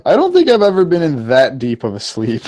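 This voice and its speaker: A man's voice: a little high, huge pitch swings, a little fast, darkish tone, no room sound. A young man in casual chat, joking wryly about college classmates and swearing casually. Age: young adult.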